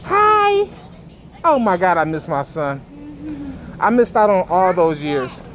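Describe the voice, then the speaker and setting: A man's voice: high-pitched, very animated, slow pace, a bit bright. A man vlogging casually in a supermarket, teasing and joking with strangers as he shops. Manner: teasing, playful, talks to passers-by. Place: indoor supermarket. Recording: noisy store background.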